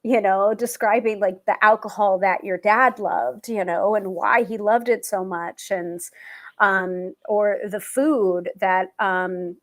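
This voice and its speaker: A woman's voice: mid-range voice, fairly even intonation, slow pace. A woman hosting a live tarot stream, talking casually with many fillers and restarts.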